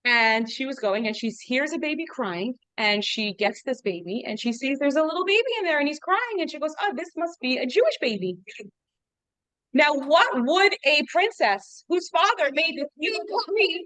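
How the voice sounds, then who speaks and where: Woman teacher, high bright voice, chatty, asks the class rhetorical questions. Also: lively intonation, moderate pace, few pauses, no room sound. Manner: chatty, lots of "like" fillers, explains with rhetorical questions. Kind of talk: informal lesson.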